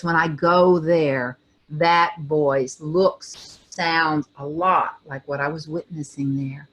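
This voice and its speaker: Older female co-host with a lowish voice, thoughtful storyteller who pauses and restarts. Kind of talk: reflective personal storytelling.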